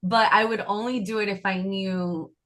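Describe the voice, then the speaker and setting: A woman's voice: mid-range voice, fairly even intonation, normal speed, fairly bright tone. A young woman guest in a casual podcast chat, talking animatedly, laughing often and acting out what people said.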